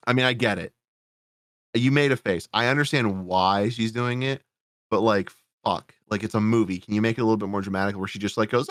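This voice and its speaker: Sarcastic, swearing low-voiced man. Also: moderate pace, long pauses, fairly bright tone, no room sound, clean studio sound. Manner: profane, sarcastic, rambling. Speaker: podcast host. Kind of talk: casual movie review chat.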